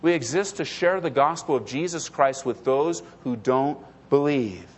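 A man's voice: medium pitch, a little slow, husky. A male pastor preaching a sermon in an emphatic, repetitive way, often restarting his phrases.

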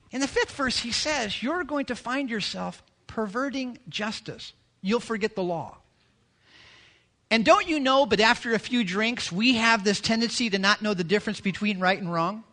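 High, bright-voiced joking preacher man. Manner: lively, joking preacher who mimics people. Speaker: pastor. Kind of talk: sermon.

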